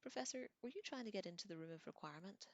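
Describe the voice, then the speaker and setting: A woman's voice: medium pitch, lively intonation, racing, vocal fry, no room sound, highs cut off, pitched above the performer's own voice. A woman reading an urgent teenage boy wizard. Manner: pressing, impatient questions.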